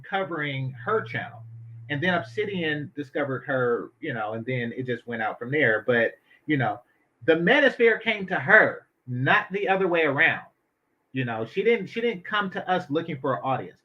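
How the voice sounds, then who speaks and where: Guy ranting on his stream, blunt, cusses a lot, kinda high voice, muffled audio. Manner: blunt, opinionated, swears freely. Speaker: commentary channel host. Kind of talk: casual commentary on an interview. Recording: dull lo-fi audio.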